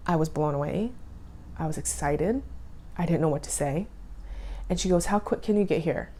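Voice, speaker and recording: A woman's voice: low voice, moderate pace, mellow. A woman in her thirties telling her own life story in a vlog, retelling it with emotion and acting out the dialogue. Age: 30s. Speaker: vlogger. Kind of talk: personal storytelling.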